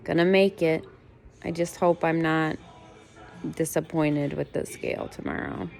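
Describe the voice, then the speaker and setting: A woman's voice: low voice, fairly even intonation, unhurried, gravelly, darkish tone. A woman in her late thirties talking candidly in a casual home vlog, venting her frustration. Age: late 30s. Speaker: fasting vlogger. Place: at home, in bed.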